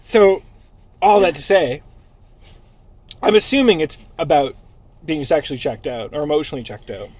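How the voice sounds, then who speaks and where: A man's voice: a little high, very animated, normal speed, long pauses, a little mellow. A man hosting a casual podcast chat, crude and joking, often laughing. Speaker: podcast host.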